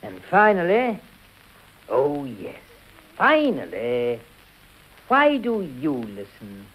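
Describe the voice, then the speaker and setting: A brisk radio quizmaster. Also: male voice, a little high, wildly swooping pitch, full character voice. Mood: probing. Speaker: quizmaster interviewing panel guests. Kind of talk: 1940s radio comedy acting. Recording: dull 1940s radio broadcast.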